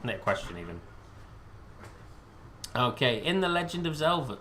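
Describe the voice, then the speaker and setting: A man's voice: mid-range voice, big pitch swings, unhurried. British male quiz host, casual and self-mocking, faint background noise. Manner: rambling, self-deprecating, joking. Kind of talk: casual live-stream quiz hosting.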